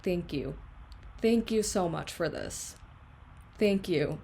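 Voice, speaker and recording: Brief: young woman vlogger, lowish voice, candid and reflective, loose casual delivery, faint noise behind. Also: slow pace, gravelly, mellow. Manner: candid, reflective, filler-heavy. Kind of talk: casual confessional vlog.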